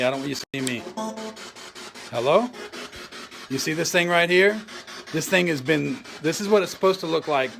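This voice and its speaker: A man investigating alone inside an old train car, talking excitably in slang and calling out to spirits. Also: on the high side, vocal fry. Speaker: paranormal investigator. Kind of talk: ghost-hunting vlog narration.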